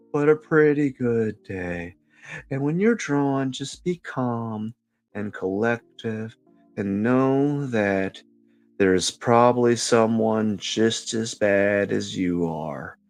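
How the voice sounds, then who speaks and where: A man hosting his drawing vlog, chatting in a relaxed, rambling, self-deprecating way while he works. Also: medium pitch. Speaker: artist host. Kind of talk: casual drawing vlog talk.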